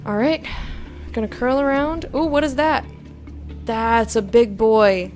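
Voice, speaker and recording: A woman's voice: fairly high pitch, a little slow, a little mellow, faint music behind. A woman streaming a game, chatting casually with her viewers and reading their messages aloud, giggly and easygoing. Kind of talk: casual live-stream chat while playing.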